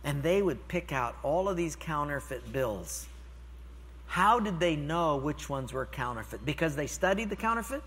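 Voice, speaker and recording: An older man preaching a sermon, telling stories with lively swings from loud calls to hushed, quiet lines. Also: fairly high pitch, moderate pace, breathy edge, in a large hall. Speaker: pastor.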